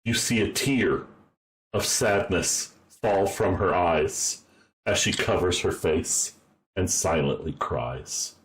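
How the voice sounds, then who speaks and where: A man's voice: sits low, slow, poor audio. A man running a tabletop game as game master, narrating playfully in rhyme.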